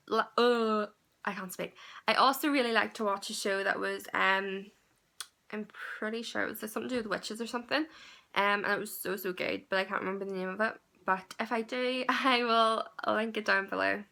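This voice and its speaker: A woman's voice: medium pitch, gravelly, sharp tone. A young woman with a Northern Irish accent, chatting through a casual Q&A vlog, rambling and laughing between lots of ums. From Northern Ireland. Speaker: vlogger.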